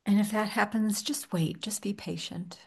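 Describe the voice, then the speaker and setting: A woman leading a guided meditation in a gentle, soft-spoken manner, with long pauses. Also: medium pitch, steady tone, husky. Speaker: meditation teacher.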